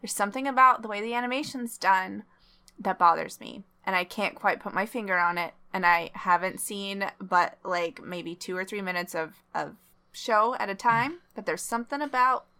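Chatty bright-voiced woman co-host. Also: medium pitch, normal speed, clear, resonant tone. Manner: chatty, lots of fillers and likes. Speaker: podcast co-host. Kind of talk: casual chat.

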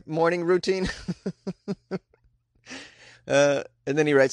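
A man hosts a comedy news podcast in a joking monologue, often chuckling between lines. His voice sits slightly high for a man. The sound is dry and close, with no room echo. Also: moderate pace, long pauses. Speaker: podcast host.

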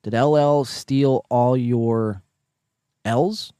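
A man with a Northeastern American accent hosts a live podcast from home, reading viewer chats in a casual, profane, joking way. His voice sits fairly low and jumps into loud bursts. The sound is close and dry, with no room echo. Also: lively intonation, normal speed. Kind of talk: casual livestream chat. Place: home, near neighbors.

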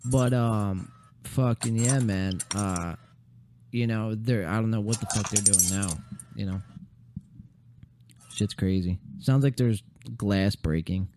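A young man hosting a casual podcast, rambling and profane with many fillers, his voice going hoarse. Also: lowish voice, slow, pauses often, noisy background. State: losing his voice. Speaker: podcast host.

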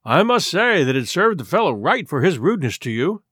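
A man's voice: fairly high pitch, sing-song, a little fast, a bit bright, breathy edge, no room sound, studio quality, heavily acted. A man voicing a rude male stranger moth who talks in a sugary, mocking way. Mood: smooth.

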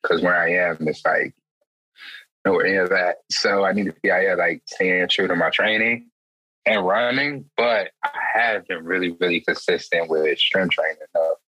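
A man's voice: sits low, normal speed, bright, forceful tone, breathy edge, no echo. A man from Chicago co-hosting a podcast in laid-back, slangy casual chat while sick with a stuffy nose. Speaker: podcast co-host. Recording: dull dry lo-fi audio.

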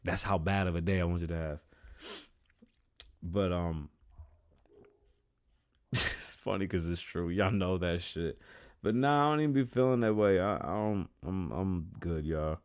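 A man hosting his own podcast, rambling and swearing, mixing English and Spanish, and high. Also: moderate pace, clean tone. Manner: loose, swearing, switching between English and Spanish. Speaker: podcast host. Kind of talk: rambling profane monologue. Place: studio.

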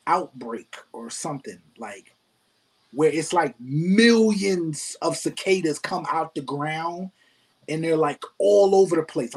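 A man, a rapper guest, telling a story in casual chat, animated and laughing often, repeating himself. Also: fairly high pitch, breathy edge, poor audio.

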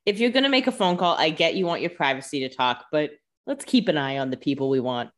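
A woman co-hosts a casual podcast, reacting to her partner with dry, joking comments. Her voice sits noticeably low. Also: animated, fast talker. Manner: wry, joking asides. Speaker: podcast co-host. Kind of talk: casual chat.

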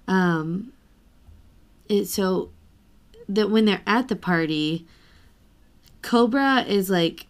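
A woman's voice: mid-range voice, extremely slow, pauses often. A woman co-hosting a podcast in casual book chat, blunt, swearing and laughing. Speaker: podcast co-host.

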